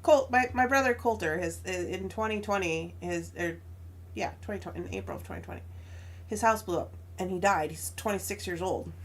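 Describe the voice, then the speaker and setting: A woman's voice: fairly low pitch, expressive, a little fast. A young adult woman chatting casually as a crafting stream host, telling a story with frequent laughs and acting out both sides of an argument.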